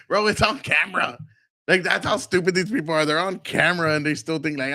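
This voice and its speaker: A man's voice: fairly high pitch, steady tone, a little fast, bright, forceful tone, dry recording, studio quality. An American man hosting a live stream with blunt, profane political commentary, laughing often. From United States.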